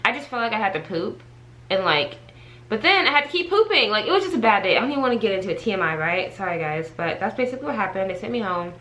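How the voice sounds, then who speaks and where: Bright-voiced woman vlogger telling a story. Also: mid-range voice, quick pace, low-quality recording. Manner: chatty, animated storytelling, speaks directly to viewers. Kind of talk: casual storytime chat to camera.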